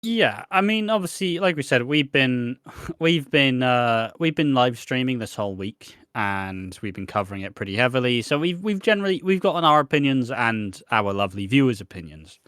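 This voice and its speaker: A man from the UK co-hosting a podcast, chatting casually about a soap episode and acting out lines with lively shifts in pitch. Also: normal speed, clear, resonant tone, dry recording, studio quality. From United Kingdom. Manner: animated, acts out quoted lines with shifting pitch. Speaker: podcast co-host.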